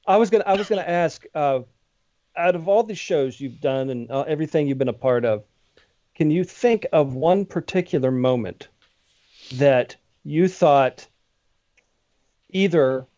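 A man hosting a relaxed podcast, his voice sitting a little high. He asks loose, rambling questions and swears casually. The audio is dry and a bit dull. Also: a little slow, pauses often, dry recording. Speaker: podcast host.

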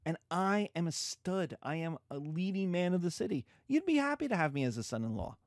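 A cocky young nobleman as a male lecturer puts him on, bragging in a voice pitched a little above the lecturer's usual one. The delivery is self-assured and lively, recorded close and dry. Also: fairly quick, dry recording. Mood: boastful.

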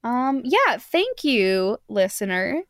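A woman's voice: a little high, very animated, slow, no echo, clean studio sound. A woman hosting a casual podcast chat, enthusiastic, often restarting her sentences. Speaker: podcast host.

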